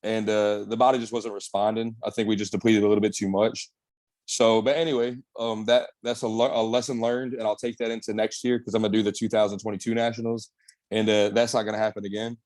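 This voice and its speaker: A man's voice: fairly low pitch, little pitch movement, quick pace, darkish tone. A young man, a bodybuilder guest on an interview, telling his story in a laid-back, slangy way with lots of swearing. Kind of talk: casual candid storytelling.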